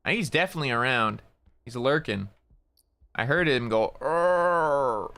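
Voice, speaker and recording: A man's voice: mid-range voice, lively intonation, normal speed, vocal fry, bright, forceful tone. A man streaming a game and telling a rambling story, stumbling over and repeating words and swearing casually. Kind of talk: casual storytelling while gaming.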